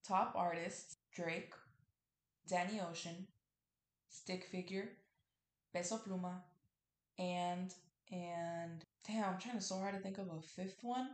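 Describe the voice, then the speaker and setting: A woman's voice: lowish voice, echoey room. A young woman hosting a casual solo podcast, rambling with lots of fillers and cursing freely. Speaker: podcast host.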